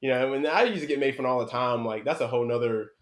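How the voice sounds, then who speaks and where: A young man from North Carolina talks casually as a podcast guest at an ordinary mid pitch. His speech wanders, with frequent fillers and restarts, in an easygoing conversational way. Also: fast. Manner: rambling, many fillers and restarts. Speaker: guest, former BMX racer.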